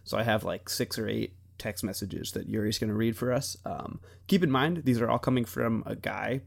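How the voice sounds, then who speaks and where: A man's voice: on the low side, normal speed, gravelly. A young man in his twenties co-hosting a podcast, chatting casually and rambling with frequent laughs. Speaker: podcast co-host. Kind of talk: casual chat.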